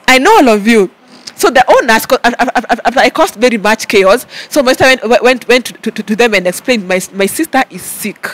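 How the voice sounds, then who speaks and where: A woman with a Kenyan accent, recounting her story to an interviewer in a lively way, with many stammered repeats and mixing in Swahili. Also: a little high, a little fast, no echo. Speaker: interview guest.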